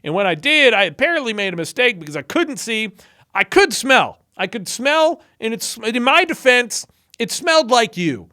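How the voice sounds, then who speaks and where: A frail, blind, ancient old man flusters through whiny excuses in a voice pushed well above a normal speaking pitch, as a man acts him out. His delivery is bright and forceful, and every sentence sounds like a fretful apology. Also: big pitch swings, moderate pace, full character voice. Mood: flustered.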